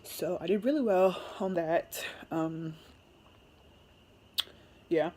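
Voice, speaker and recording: A woman's voice: on the low side, slow pace, warm tone. A young woman telling a casual story to camera, chatty and laughing often, with lots of fillers. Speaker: military recruit vlogger.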